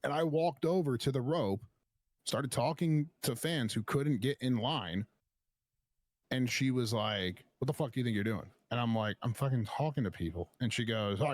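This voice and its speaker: A man in the middle of a heated, swear-laden story, voicing both sides of an old argument as he tells it. His voice sits at an ordinary middle pitch, recorded close and dry with no room sound. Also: no room sound. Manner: profane, animated retelling with quoted back-and-forth. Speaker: streamer telling a story. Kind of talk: casual storytelling chat.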